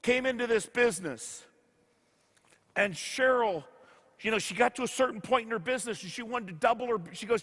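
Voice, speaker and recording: A man's voice: very high-pitched, fairly quick, fairly bright tone. A man giving a motivational speech to an audience, telling stories and acting out what people said to him. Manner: storytelling, acting out quoted dialogue. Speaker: motivational speaker. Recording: echoey hall.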